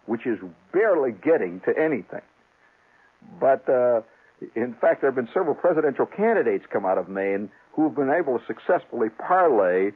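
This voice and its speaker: Husky, animated man telling a fishing yarn. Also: medium pitch. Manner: rambling, animated, restarts, chuckles. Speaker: radio storyteller. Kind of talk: humorous storytelling monologue. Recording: tinny, phone-like old radio sound.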